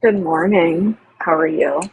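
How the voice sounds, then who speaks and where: A woman's voice: lowish voice, measured pace, vocal fry, husky, poor audio. A woman political candidate calling in to a livestream, chatting casually with lots of "like" and "you know.". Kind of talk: casual call-in chat.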